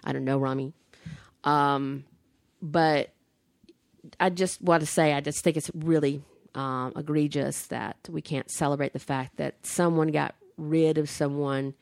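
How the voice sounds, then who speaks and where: A woman's voice: low voice, fairly even intonation, a little slow, gravelly, darkish tone, no room sound, clean studio sound. A woman co-hosting a casual chat show, talking loosely with frequent fillers and laughs. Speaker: podcast co-host.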